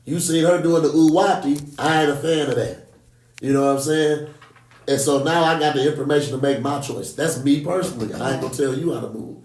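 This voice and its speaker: Guy w a slightly high voice, slangy, chatty, echoey room, sounds off mic. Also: far from the mic, a little hiss or hum. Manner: animated, slangy, quick asides. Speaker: podcast panelist. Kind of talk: casual group chat.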